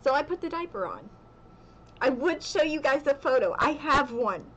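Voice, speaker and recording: A woman's voice: sits high, very animated, moderate pace, a bit bright, lo-fi sound. A young woman telling a story in a casual vlog at home, chatty and laughing often, with "okay" again and again. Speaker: vlogger.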